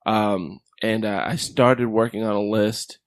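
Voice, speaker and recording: A man's voice: fairly low pitch, a little slow, no room sound. A man from Miami co-hosting a podcast in casual chat, telling stories with playful voices. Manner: animated storytelling with playful character voices. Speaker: podcast co-host presenting a list.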